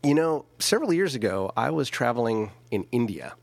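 A man from California hosting a casual radio interview, chatty and quick to laugh. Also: mid-range voice, creaky, dry recording. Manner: laughs often, chatty and animated. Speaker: radio show host.

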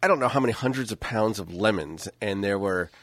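A man hosting a radio talk show in a studio, friendly and enthusiastic, with quick asides. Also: lowish voice, expressive, fairly bright tone, no echo. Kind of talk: casual radio interview chat.

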